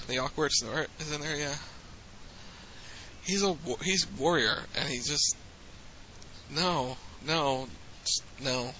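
A man's voice: on the high side, sharp tone, highs cut off, slight background noise. A man hosting a casual podcast chat, talking loosely, often laughing and restarting his sentences. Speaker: podcast host.

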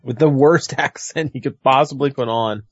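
A man's voice: medium pitch, normal speed, husky, no room sound, lo-fi sound. A man in a casual wrestling chat, blunt and mocking.

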